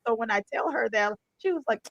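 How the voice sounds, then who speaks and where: A woman hosting an interview, telling a personal story in an animated, expressive, colloquial way. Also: a little high, quick pace, dull audio. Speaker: host. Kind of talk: conversational interview.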